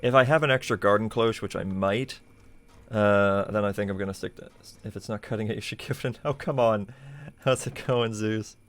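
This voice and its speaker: Guy with a lowish voice rambling through his game stream, lots of uhs and ums. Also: fairly quick, fairly bright tone. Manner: chatty, thinks aloud with many fillers. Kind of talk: casual live gameplay commentary.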